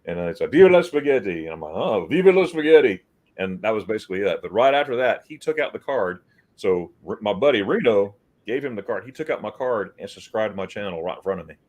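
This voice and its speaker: Low-voiced man telling a casual story. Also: lively intonation, fast talker. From United States. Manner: storytelling, repeats words, acts out quotes. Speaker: host. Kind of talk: casual livestream chat.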